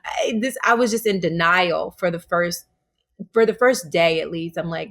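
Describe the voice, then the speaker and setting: A woman's voice: on the low side, moderate pace. A woman from Tennessee with a Southern accent, a guest telling her life story in an interview, acting out what people said with laughs. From Humboldt, Tennessee, US. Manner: animated, acts out quotes with laughter.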